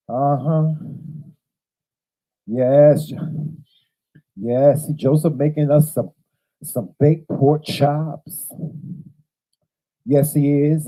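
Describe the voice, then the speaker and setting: A man's voice: a little high, mellow, poor audio. A man in his fifties hosting a livestream from home, talking casually with a drawling, chatty manner and greeting viewers by name. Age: 50s. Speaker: livestream host. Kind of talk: casual chat to a live audience.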